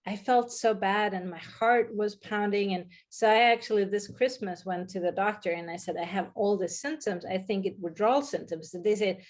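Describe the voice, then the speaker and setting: A woman in an interview tells her own story at a middle pitch. She speaks hesitantly and restarts her sentences as she searches for words. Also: moderate pace, few pauses. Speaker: interview guest.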